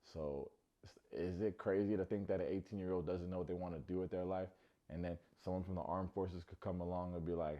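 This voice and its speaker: A man's voice: low voice, fast, lo-fi sound. A man recapping a reality dating show in a casual, joking way, often mimicking the cast's lines. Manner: joking, animated, mimics cast members' lines. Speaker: recap reviewer.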